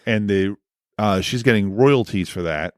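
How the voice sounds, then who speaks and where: A man's voice: on the low side, unhurried, dry recording, studio quality. A man in his fifties co-hosting a podcast in casual chat, joking and laughing often. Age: 50s. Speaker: podcast co-host.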